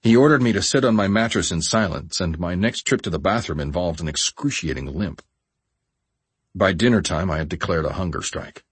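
A man narrating a first-person memoir audiobook in a measured, steady way. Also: low-pitched, slightly rough, no echo.

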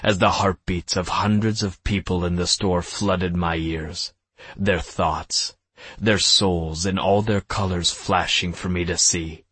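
A man reads a first-person novel in a very deep, unhurried voice. His tone is husky, and the recording is dry and close. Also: steady tone, a bit bright, no echo. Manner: measured, first-person storytelling. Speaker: audiobook narrator. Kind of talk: scripted narration.

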